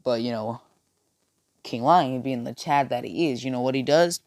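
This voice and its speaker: A man's voice: medium pitch, normal speed, a little mellow, no echo, studio quality. A young man casually telling a made-up fan story, with many fillers and restarts. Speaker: video creator. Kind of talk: rambling fan-fiction storytelling.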